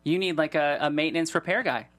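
A man's voice: on the high side, fast talker, a bit bright, no room sound, soft background music. A man hosting a podcast in casual chat, playful and joking, rambling between stories. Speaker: podcast host.

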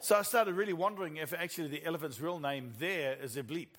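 A man's voice: a little high, fast talker, fairly bright tone. A middle-aged man with a New Zealand accent preaching a sermon, telling stories with animation and laughing at his own jokes.

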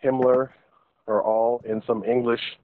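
A man chatting with a friend, animated and joking as he tells stories. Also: mid-range voice, unhurried. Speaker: friend on a call. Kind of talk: casual chat. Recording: tinny phone line with faint noise and clicks.

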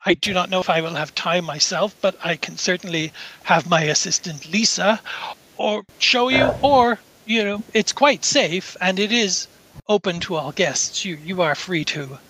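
A man's voice: sits high, normal speed, bright, forceful tone, slight background noise, poor audio. A man voicing a gushing, self-important female scientist who plays hostess and then brushes guests off. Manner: effusive, then brushes people off.

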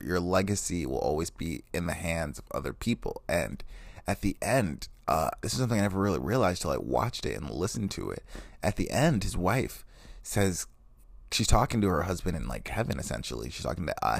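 A man's voice: sits low, lively intonation, a little fast, vocal fry, no room sound. A man in his twenties hosting a casual solo podcast from his bed, rambling, swearing and cutting himself off. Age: 20s. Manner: rambling, profane, self-interrupting. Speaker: podcast host. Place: in bed at home.

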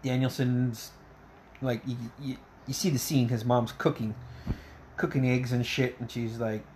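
A man's voice: mid-range voice, unhurried, a little hiss or hum. A man casually retelling a movie scene by scene, swearing freely and laughing often as he gets worked up. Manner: profane, excitable play-by-play retelling. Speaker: podcast host reviewing a film. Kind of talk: casual storytelling recap.

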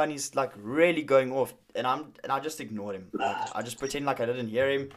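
A man's voice: mid-range voice, brisk, few pauses. Young man telling a story casually. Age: young adult. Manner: storytelling, acts out quoted dialogue, frequent fillers and restarts. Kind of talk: casual conversation.

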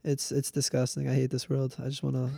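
A man's voice: medium pitch, completely flat delivery, quick pace, vocal fry, warm tone, no room sound, studio quality. A man, co-hosting a casual podcast and ranting bluntly with slang and swearing. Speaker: podcast co-host. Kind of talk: casual chat.

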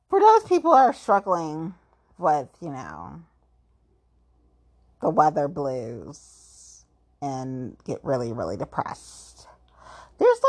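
In a low, husky voice, a woman makes casual conversation, rambling along and peppering it with "like." She's playful and self-mocking about her own pettiness.

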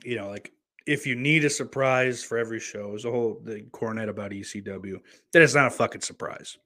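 A man's voice: lowish voice, a little fast, a bit bright, dry recording. A man hosting a livestream who swears freely, rambles in a casual way and reads viewer comments aloud. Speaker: livestream host reading chat. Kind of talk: casual chat. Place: indoors, at home.

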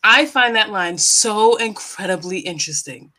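A woman hosting an interview who talks in an excitable, gushing way. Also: a little high, moderate pace, hardly any pauses. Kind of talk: casual interview.

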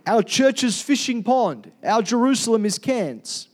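High-voiced pastor preaching. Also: male voice, animated, unhurried. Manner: casual, jokey, calls for amens. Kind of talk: sermon.

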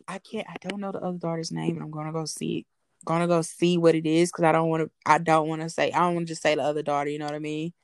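Low-voiced woman, chatty. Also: little pitch movement, fast, clear, resonant tone, dry recording. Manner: chatty, trails off with fillers and self-corrections. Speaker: podcast co-host. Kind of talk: casual chat.

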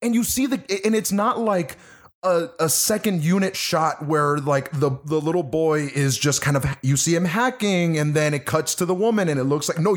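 Animated, cursing man reviewing a film. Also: sits high. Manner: animated, profane, laughing storyteller. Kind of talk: casual movie review chat.

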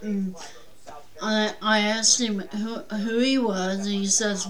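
A woman's voice: mid-range voice, steady tone, slow pace, rough recording. A woman guest on a talk show telling a personal story in a rambling, plainspoken way.

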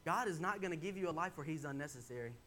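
A man's voice: on the high side, animated, rapid-fire, fairly bright tone, a little hiss or hum. A young man preaching in a church, telling a personal story in a candid, conversational way and building to emphatic points. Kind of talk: sermon. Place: church sanctuary.

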